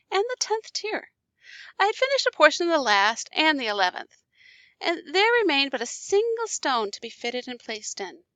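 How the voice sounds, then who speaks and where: A woman's voice: high-pitched, dry recording. A woman teacher reading a classic story aloud and explaining it in casual asides. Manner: animated, casual asides checking in with listeners.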